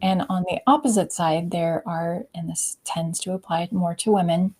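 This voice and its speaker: Woman, leadership coach, interview guest, video call, lower voice, expressive, soft near-whispered asides. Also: moderate pace, husky. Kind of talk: conversational interview.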